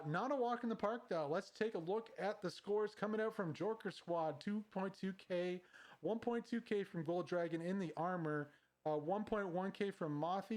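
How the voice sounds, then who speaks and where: A man casting a competitive online shooter match as play-by-play commentator, quick and conversational, climbing in pitch when the action heats up. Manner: excited, rising sharply at big plays. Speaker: shoutcaster.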